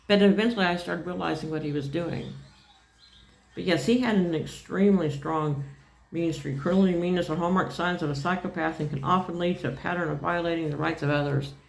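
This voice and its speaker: A woman's voice: lowish voice, a little fast, vocal fry. A middle-aged woman telling a personal story on her vlog in a plain-spoken, rambling way, often repeating herself. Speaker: vlogger.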